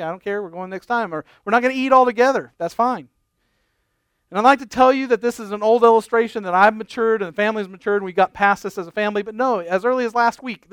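High-voiced man telling a family story. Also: smooth, no echo, clean studio sound. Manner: animated, exasperated storytelling with quoted dialogue. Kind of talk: sermon illustration storytelling.

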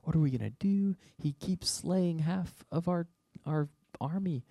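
A man playing frightened soldiers who fret in hushed, worried voices. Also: a little high, unhurried, creaky, no room sound, voice pushed up. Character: anxious group of frightened soldiers.

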